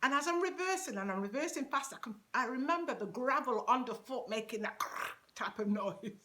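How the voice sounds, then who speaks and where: A woman telling a personal story in a casual vlog, animated and laughing often. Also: fairly high pitch, brisk.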